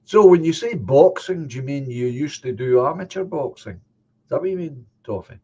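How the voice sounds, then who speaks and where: A man hosting a casual chat stream, affable and quick to acknowledge. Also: fairly high pitch, animated, dark tone, husky, dull audio. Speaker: host.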